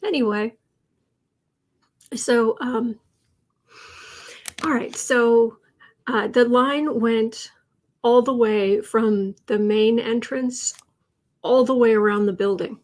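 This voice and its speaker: A woman's voice: fairly high pitch, steady tone, takes it slowly, pauses often, darkish tone. A woman hosting a political tarot and astrology livestream, talking in a rambling, casual way with many fillers and restarts.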